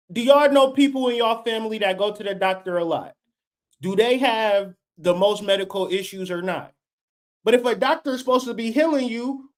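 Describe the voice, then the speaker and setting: A man in his late thirties hosting a livestream, ranting in a profane, fired-up and preachy way. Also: very high-pitched. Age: late 30s. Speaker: livestream host. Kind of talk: unscripted livestream rant.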